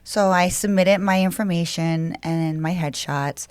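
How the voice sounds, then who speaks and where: A woman's voice: on the low side, unhurried, smooth, dry recording. A woman actor guest casually telling a story, chatty and laughing along the way.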